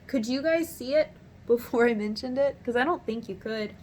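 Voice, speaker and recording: A woman in her thirties tells a story to her camera from her home office in a chatty, animated way. Her voice sits a little high, and she laughs often as she talks. Faint noise hums behind her. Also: fairly quick. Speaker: vlogger.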